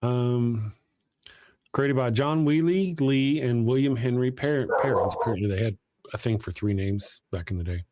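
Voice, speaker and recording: A man's voice: mid-range voice, moderate pace, a little mellow. A man from Texas, co-hosting a casual live stream, joking and reading the chat aloud. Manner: joking, drawling asides, reads chat aloud. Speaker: co-host.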